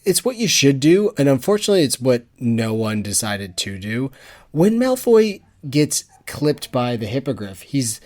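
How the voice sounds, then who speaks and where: A man's voice: big pitch swings, a little slow, darkish tone. Jokey, mocking man on a podcast. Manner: mocking, jokey, acts out lines in high put-on voices. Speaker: podcast host. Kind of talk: casual podcast chat.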